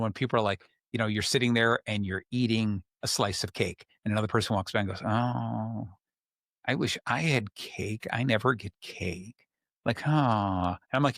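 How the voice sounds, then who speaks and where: A man's voice: medium pitch, fairly bright tone, dry recording, clean studio sound. A man hosting a podcast, explaining in casual chat with acted-out examples and plenty of fillers. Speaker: podcast host.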